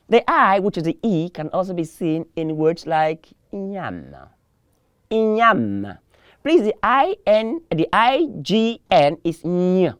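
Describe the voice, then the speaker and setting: A man teaches French on television at a slow, deliberate pace, his pitch jumping up and down as he drills each word. He repeats terms several times and asks learners to answer back. The sound is close and dry. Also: no echo. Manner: drills words by repetition, call and response. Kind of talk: televised language lesson.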